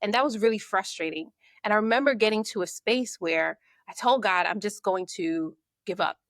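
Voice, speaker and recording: A woman, a podcast guest and marketing coach, telling her story in a lively way and acting out her own thoughts. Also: medium pitch, normal speed, no echo, studio quality. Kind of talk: conversational storytelling.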